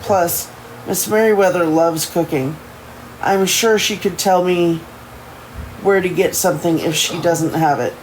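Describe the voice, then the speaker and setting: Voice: medium pitch, steady tone, a little slow, slight background noise, rough recording. A streamer reading a first-person novel aloud on a livestream, often stumbling and correcting themselves.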